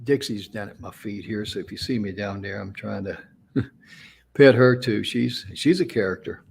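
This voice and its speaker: A man's voice: lowish voice, moderate pace, creaky, slight background noise. A man co-hosting a talk show, telling an inspirational story in a folksy, conversational way. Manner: folksy, affirming with frequent mm-hmms. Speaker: co-host.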